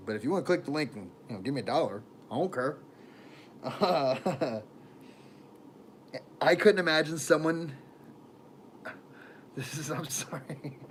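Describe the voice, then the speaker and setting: A man's voice: fairly high pitch, a little hiss or hum. A man rambling through casual livestream chat on a phone camera, laughing often and trailing off mid-thought.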